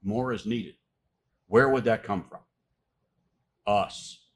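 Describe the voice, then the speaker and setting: A man preaching a sermon, reading scripture aloud and pressing key words with loud, emphatic stress. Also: lowish voice. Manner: reads scripture aloud with pauses.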